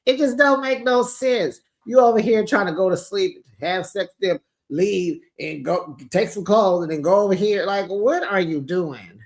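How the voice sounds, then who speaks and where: A woman's voice: medium pitch, normal speed, few pauses. A woman hosting a casual reality TV recap, sassy and slangy, talking straight to her viewers.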